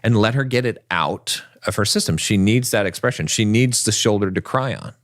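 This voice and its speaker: A podcast co-host with a fairly low voice explains his views at a moderate pace, lecturing a bit and slipping into dramatic put-on voices for quotes. The talk is a casual podcast discussion, recorded with clean studio sound and no echo.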